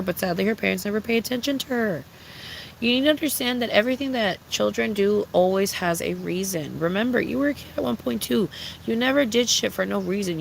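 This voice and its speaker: A young adult livestreamer in casual, unscripted chat with viewers, talking bluntly and with a lot of profanity, ranting with lively swings. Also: medium pitch, vocal fry, a little hiss or hum, low-quality recording.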